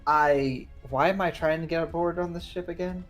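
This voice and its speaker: A woman's voice: low voice, steady tone, moderate pace, soft background music. A woman playing a tabletop game, talking hesitantly with many fillers. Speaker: tabletop player. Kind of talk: casual tabletop role-play.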